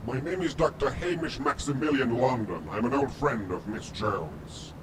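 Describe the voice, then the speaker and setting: A man's voice: animated, normal speed, a loud crowd, close to an everyday voice. A man playing a mannered masked ex-con. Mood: composed. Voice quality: formal, affected speech. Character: masked male ex-convict doctor, mannered and calm. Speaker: film character. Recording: distant mic with noisy rumble.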